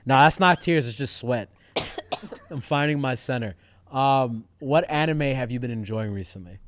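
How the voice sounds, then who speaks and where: A man hosting a casual online chat show, animated, teasing and slangy. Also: mid-range voice, measured pace, a little hiss or hum. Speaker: host.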